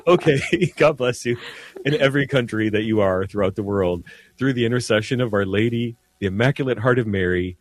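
An earnest priest talks on a radio program, his voice set a bit low. He speaks slowly and repeats words as he gathers his thoughts. The studio sound is close and dry. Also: no echo. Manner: earnest, slow, repeats words when searching. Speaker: priest guest. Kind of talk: radio talk on devotion. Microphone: studio mic.

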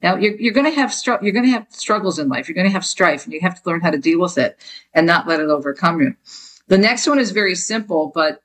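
A woman's voice: fairly low pitch, fast talker, poor audio. A woman author from Jersey City with a New Jersey accent, a guest explaining her book and telling stories about her mother. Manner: lively storyteller, quotes her mother.

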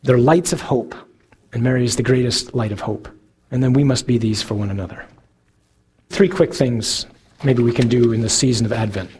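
A man giving a sermon as a priest, earnest, slowing down to stress key words. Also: mid-range voice, darkish tone, husky. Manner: earnest, slows for emphasis.

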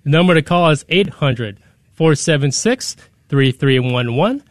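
A man's voice: fairly high pitch, animated, no room sound. Careful man reading out a phone number. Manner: careful, deliberate, repeats the phone number slowly. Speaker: digital media staffer, guest on air. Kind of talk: radio fundraising appeal.

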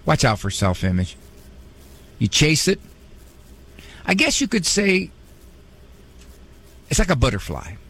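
A man's voice: a little high, very animated, unhurried, long pauses, fairly bright tone, husky. A man hosting a radio advice talk show, conversational and humorous with a preachy bent.

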